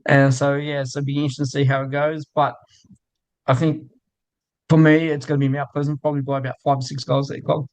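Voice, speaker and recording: A man's voice: medium pitch, level tone, fast talker, darkish tone, low-quality recording. A man giving football tips and telling a short gag in easygoing studio banter. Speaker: football tipster. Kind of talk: casual pre-game banter.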